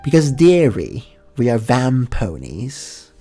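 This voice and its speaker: A man voicing a haughty vampire mare in a stiff put-on British accent, speaking slow and clear as if to a fool. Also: medium pitch, wildly swooping pitch, mellow, soft background music, voice pushed up, full character voice. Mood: commanding.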